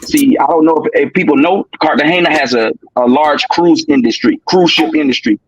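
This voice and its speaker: Male guest, emphatic casual talker, slightly high husky voice, muffled dry remote audio. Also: a little fast, dry recording. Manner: emphatic, asks "you know what I'm saying?" often. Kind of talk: casual chat.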